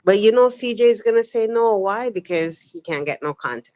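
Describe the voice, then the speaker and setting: A woman's voice: medium pitch, expressive, fairly quick, a little mellow, dry recording. A woman co-hosting a casual live stream, speaking bluntly as a parent.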